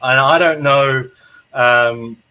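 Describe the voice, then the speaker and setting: A man hosting a podcast, telling an animated story in casual chat and acting out the people in it. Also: mid-range voice, slow, clean tone. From New Zealand. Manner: animated anecdote teller, acts out quotes, swears freely. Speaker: podcast host.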